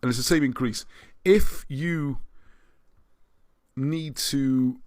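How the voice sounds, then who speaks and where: A man's voice: mid-range voice, takes it slowly, darkish tone, no room sound. A man hosting a livestream and reading out viewer comments, rambling and often restarting his sentences. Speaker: livestream host.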